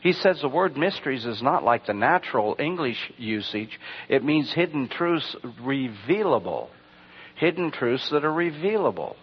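A man's voice: mid-range voice, sing-song, normal speed, husky. A man preaching a sermon, telling rambling stories and asking the congregation rhetorical questions. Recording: dull lo-fi recording.

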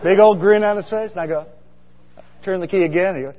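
A high-pitched middle-aged man, a pastor, talks a little fast through a humorous sermon built on stories. His manner is chatty, and he regularly asks the congregation questions. Dull audio with a long reverb from the hall.

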